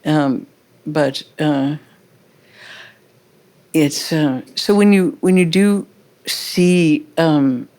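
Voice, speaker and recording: An American woman speaking as a guest in a casual onstage conversation at a live festival, telling stories in a halting, reflective way. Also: low-pitched, warm tone. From United States. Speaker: interview guest.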